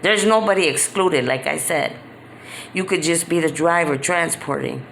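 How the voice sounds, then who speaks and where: Impassioned woman vlogger with a bright, sharp voice. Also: low voice, normal speed, creaky, a little hiss or hum. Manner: emphatic and repetitive, many "you know" fillers; street slang, blunt and angry at abusers. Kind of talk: impassioned direct-to-camera monologue.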